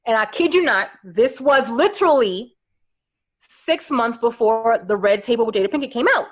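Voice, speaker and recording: A woman in her thirties from New York, a podcast guest telling stories in a lively, casual way and acting out her friends' voices. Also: on the high side, normal speed, muffled recording. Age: 30s. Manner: animated storyteller, acts out friends' voices. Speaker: podcast guest, makeup artist.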